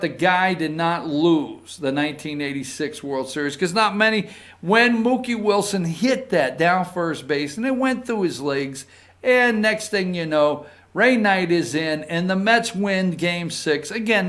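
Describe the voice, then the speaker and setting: Man, talk show host, slow rambling delivery, slightly high voice, emphatic bursts. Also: lively intonation, fairly bright tone. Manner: rambling, emphatic, emotional outbursts. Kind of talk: casual opinion talk.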